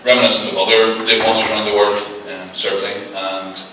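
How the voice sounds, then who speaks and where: A man answering questions at a convention talk, hesitant and full of pauses. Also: on the low side, little pitch movement, pushed and bright, a little hiss or hum. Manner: hesitant, many ums. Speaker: guest researcher. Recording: echoey hall from far off.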